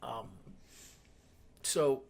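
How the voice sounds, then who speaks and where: A man guest, an entertainment reporter, telling anecdotes in a casual chat and acting out the quoted voices. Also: drawn-out words. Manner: acts out quoted voices in stories. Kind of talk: anecdotal storytelling.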